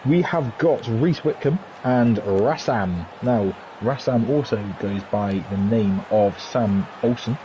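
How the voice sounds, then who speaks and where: A man's voice: fairly low pitch, takes it slowly, hardly any pauses. A man hosting a racing league stream, chatting and joking as he announces the team draw. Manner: chatty, joking, rambling with fillers. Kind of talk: live stream chat commentary. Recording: dull lo-fi stream mic, faint noise.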